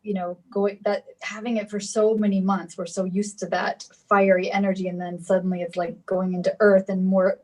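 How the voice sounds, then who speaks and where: Woman host on a video call, husky voice, musing and open-ended questions. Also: medium pitch, a little mellow, low-quality recording. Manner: thinks aloud, trailing questions. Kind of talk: casual video call interview.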